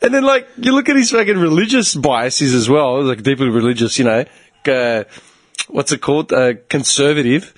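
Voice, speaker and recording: Aussie podcast dude, lively swooping voice, dry close mic, swears and laughs a lot. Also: male voice, mid-range voice, normal speed, no echo. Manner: animated, swearing, laughs often. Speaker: podcast co-host. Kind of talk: casual chat.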